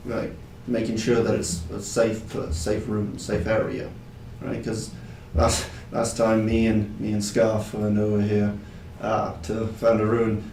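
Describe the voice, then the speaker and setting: A man voicing a drunk, secretive male treasure hunter who rambles in a hushed, conspiratorial way, recorded on a distant mic in a roomy space. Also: lowish voice, completely flat delivery, a little slow, few pauses, a little hiss or hum.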